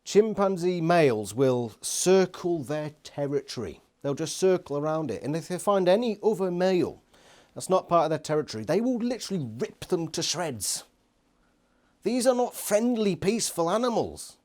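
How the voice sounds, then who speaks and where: A man's voice: high voice, big pitch swings, normal speed, a little mellow. A man giving an exasperated, sweary, sarcastic book review rant. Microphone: phone nearby.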